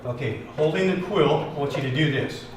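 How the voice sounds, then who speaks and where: A man's voice: on the high side, fairly quick. A man leading a group drum workshop, asking the participants questions and praising them over and over. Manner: encouraging, asks the group questions, repeats praise. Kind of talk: hands-on group music lesson. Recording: echoey room from far off, background noise.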